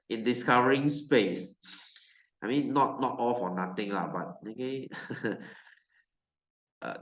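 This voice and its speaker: A man's voice: mid-range voice, reverberant, lo-fi sound. A man with a Malaysian English accent, teaching a science class in a loose, joking way and putting on mocking voices. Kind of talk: classroom lecture.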